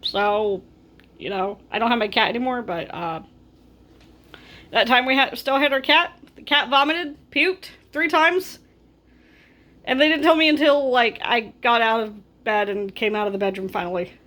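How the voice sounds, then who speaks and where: A woman's voice: fairly high pitch, normal speed, a bit bright. A woman vlogger telling a storytime, exasperated and ranting with animation. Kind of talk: storytime vlog.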